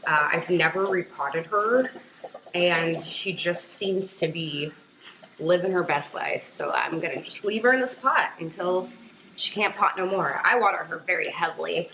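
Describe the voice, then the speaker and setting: A woman's voice: lowish voice, unhurried, pushed and bright, slight background noise, rough recording. A woman vlogging at home to a camera on a tripod, chatty with lots of ums and likes, slightly out of breath after a workout. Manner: chatty, many fillers like um and like. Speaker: lifestyle vlogger. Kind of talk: casual vlog chat to camera.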